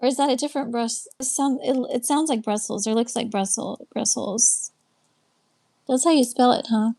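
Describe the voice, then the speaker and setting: A Texan woman with a fairly high voice and some vocal fry hosts a relaxed live stream chat through her webcam, speaking briskly. Chatty and easygoing, this life coach welcomes each viewer by name and answers their comments aloud, though she sounds a little tired, like she's winding down for the night.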